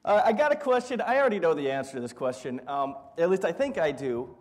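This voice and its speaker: A man's voice: a little high, sing-song, quick pace, a little mellow. A middle-aged man preaching a sermon, telling funny stories and acting out what people said. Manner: storytelling, humorous, acts out quotes. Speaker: pastor.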